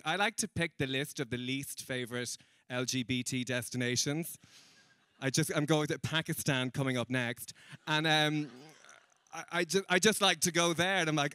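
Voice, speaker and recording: Irish male stand-up, young, bright crisp voice, chatty, self-mocking, dry close sound. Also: mid-range voice, brisk, no room sound. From Ireland. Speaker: stand-up comedian. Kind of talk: stand-up comedy set. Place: comedy venue stage.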